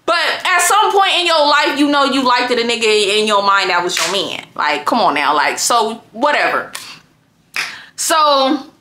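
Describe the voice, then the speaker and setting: A young woman telling a story to her viewers in a blunt, animated rant full of swearing. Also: on the high side, unhurried. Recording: echoey room.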